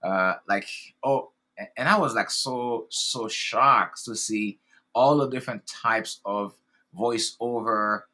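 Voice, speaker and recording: Effusive man with a bright low voice. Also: takes it slowly. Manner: effusive, enthusiastic, rambling with fillers. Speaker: podcast host. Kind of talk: casual interview chat.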